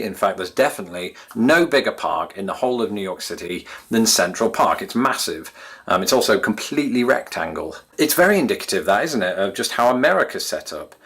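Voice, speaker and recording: Low-voiced English man reminiscing. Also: fairly bright tone, breathy edge. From England. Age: 30s. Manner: wry, self-deprecating, chatty. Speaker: YouTube host. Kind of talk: casual reminiscing monologue.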